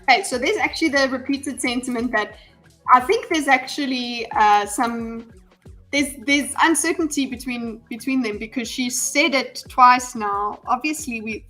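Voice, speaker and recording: A woman streamer with a somewhat high voice rambles casually to her viewers, stumbling through ums and restarts. Soft music plays faintly under her voice. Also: normal speed. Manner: chatty, talks straight to her viewers. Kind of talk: casual live-stream commentary. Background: faint background music.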